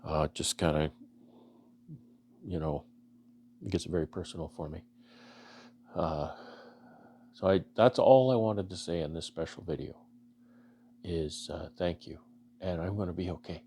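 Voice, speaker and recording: Low gravelly man, earnest and halting. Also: mellow. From Canada. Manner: halting, many restarts and fillers, earnest. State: emotional, choking up. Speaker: beekeeper vlogger. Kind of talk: casual heartfelt talk to camera.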